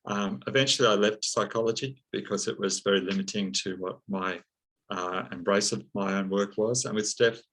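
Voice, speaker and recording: A man speaking as an interview guest, slow and reflective, with many pauses and fillers. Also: fairly low pitch, fairly even intonation, fairly bright tone, low-quality recording. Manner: slow, thoughtful, many ums and uhs. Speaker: psychologist and counseling teacher, guest.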